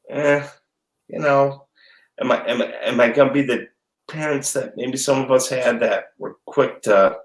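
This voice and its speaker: In a roomy-sounding, roughly recorded clip, a middle-aged man with a lowish voice chats casually from his home kitchen. The chef and dad guest is a rambling, animated storyteller full of jokes.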